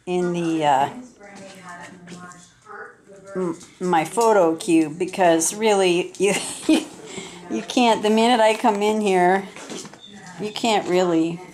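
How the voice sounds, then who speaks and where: At home with her puppies indoors, an older woman films her dogs and chats casually in a playful, sing-song baby-talk voice. She speaks slowly in a lowish, slightly mellow voice, leaving long pauses.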